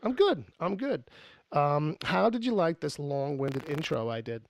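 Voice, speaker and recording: A man's voice: on the high side, expressive, measured pace, no room sound. A man hosting a podcast in casual chat, rambling and joking with lots of fillers and restarts. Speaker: podcast host.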